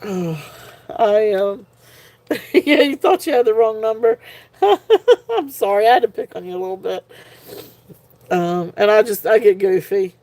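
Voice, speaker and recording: A woman's voice: medium pitch, a little slow, long pauses, darkish tone. Giggly, tired woman hosting a live sale. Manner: giggly, laughs often while talking. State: tired and punch drunk. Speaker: live jewelry sale host. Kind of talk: casual live-stream chat.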